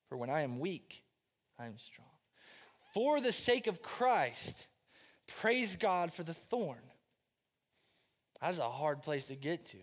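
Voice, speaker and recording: A man preaching a sermon with passion, repeating phrases and swinging between loud pleading and quiet, low lines. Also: in a large hall. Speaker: pastor.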